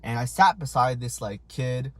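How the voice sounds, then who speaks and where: A man, telling stories in a casual, animated, self-mocking way and acting out voices. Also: medium pitch, moderate pace. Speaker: vlogger. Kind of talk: casual storytelling while eating.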